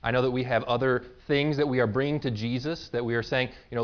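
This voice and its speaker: A man preaching a sermon in a conversational way, explaining with everyday examples and quick asides. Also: medium pitch, fairly even intonation, clean tone, dull audio. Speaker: pastor.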